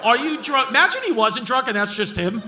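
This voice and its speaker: Brash New York comic with a high voice. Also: male voice, animated, brisk. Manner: brash, profane, roasting hecklers, frequent shouting. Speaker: stand-up comedian. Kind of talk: live stand-up crowd work. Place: comedy club stage with a laughing crowd. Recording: live club audio with crowd laughter.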